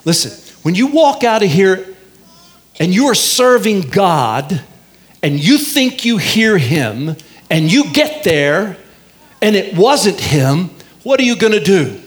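Man preaching, high voice, animated, stretches out key words, leads the crowd in repeating lines. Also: slow. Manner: lively, drawls out key phrases, has the congregation repeat lines. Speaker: pastor. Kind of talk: sermon.

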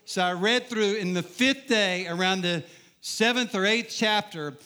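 A man's voice: high-pitched, a little slow, pushed and bright. A middle-aged man preaching a sermon, telling his own story with humor and putting questions to the crowd. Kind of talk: sermon testimony.

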